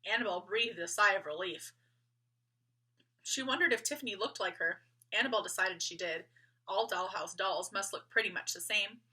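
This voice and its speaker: A woman reading a children's book aloud, gentle and expressive. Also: mid-range voice, moderate pace, breathy edge. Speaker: storyteller.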